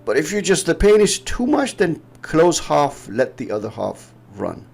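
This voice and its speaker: With big pitch swings in a high-ish, gravelly, darkish voice, a trading educator from Pakistan chats casually about market charts at a moderate pace. He rambles, explains, and laughs often in Pakistani English. The audio is slightly rough, with faint music behind.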